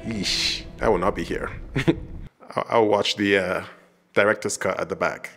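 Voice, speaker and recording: A man giving casual reaction commentary, animated and jokey, laughing often and acting out characters in playful voices. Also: on the low side, measured pace, slight background noise. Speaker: reaction video host.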